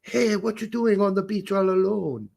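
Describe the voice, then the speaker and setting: A man's voice: high-pitched, moderate pace, gravelly, darkish tone, voice pushed up. A man voicing a flirty adult man with a clumsy put-on Jamaican accent that drifts toward French, crooning in a smarmy way.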